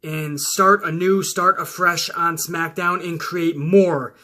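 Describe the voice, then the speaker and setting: A man hosting a wrestling talk video, ranting casually and swearing, often rising into yelling. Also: on the high side, fairly even intonation, takes it slowly. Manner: loud, swearing, flares into yelling. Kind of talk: profane casual rant to camera.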